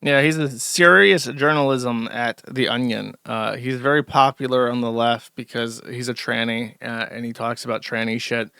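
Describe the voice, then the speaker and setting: A man hosts a casual commentary show in a sarcastic, mocking tone. His voice is bright and sharp, and it is recorded dry and close. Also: medium pitch, fairly even intonation, normal speed, creaky, few pauses, clean tone, dry recording. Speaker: show host.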